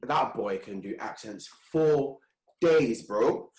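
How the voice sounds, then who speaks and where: A young man co-hosting a podcast, relaxed and slangy, laughing easily in casual chat. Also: medium pitch, slow pace, crowd noise. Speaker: podcast co-host. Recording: roomy echo.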